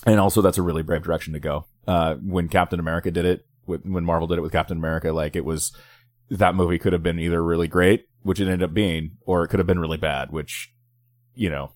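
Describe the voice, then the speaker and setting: A man's voice: deep voice, fairly even intonation, fast, no echo. A man co-hosting a casual movie review podcast, a keen comic book fan who stammers and repeats words. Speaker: podcast co-host.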